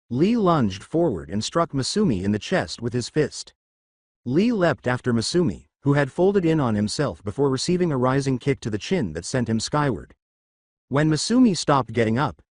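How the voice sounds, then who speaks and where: A man narrating a fan fiction story aloud in a steady reading manner. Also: mid-range voice, dry recording, clean studio sound.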